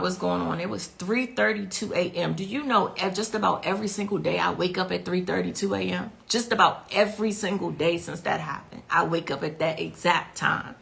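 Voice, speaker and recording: Grieving mother giving interview testimony; gravelly, frantic retelling. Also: on the low side, sharp tone. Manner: recounts events with rising, frantic intensity.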